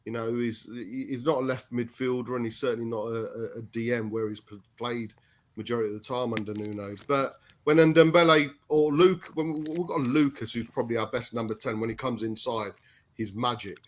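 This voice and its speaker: A man's voice: medium pitch, steady tone, brisk. A man, chatting casually as a fan guest on a video call, hesitant and full of restarts. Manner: hesitant, restarts often, says mate. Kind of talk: casual chat.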